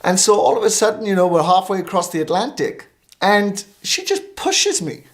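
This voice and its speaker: A man's voice: high voice, moderate pace. A middle-aged man, a minister, telling a story in a talk show interview, full of fillers and restarts. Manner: lively anecdotal storytelling with many fillers. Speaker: guest minister.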